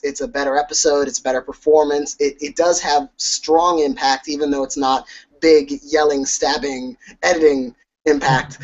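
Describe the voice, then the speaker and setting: A man co-hosting a casual conversation, weighing performances analytically, with frequent small restarts. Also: on the high side. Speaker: awards editor and co-host. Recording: dull lo-fi sound.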